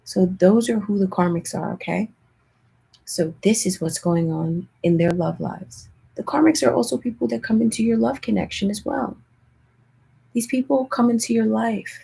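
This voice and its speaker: Husky, hushed woman doing chatty tarot talk. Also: mid-range voice, steady tone, moderate pace, rough recording. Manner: hushed, half-whispered delivery; chatty, keeps addressing viewers as "you guys". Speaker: tarot reader. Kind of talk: casual livestream tarot chat.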